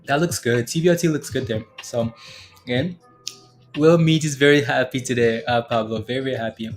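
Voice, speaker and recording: A man's voice: medium pitch, a little fast, faint music behind. A man hosting a live day-trading stream, chatting casually with viewers, full of fillers and tag questions as he talks through charts. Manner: chatty, filler-heavy, keeps adding "right?" and addressing viewers by name. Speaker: livestream day-trading host. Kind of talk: casual live chart commentary reading chat.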